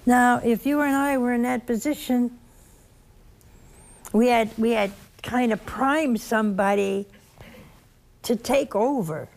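A woman with a Southern accent preaching a sermon, telling the story slowly and animatedly, dropping at times to a soft whisper. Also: fairly high pitch, creaky.

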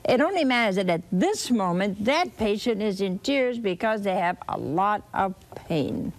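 Woman, sermon, slow expressive storytelling, lively rising and falling pitch. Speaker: preacher.

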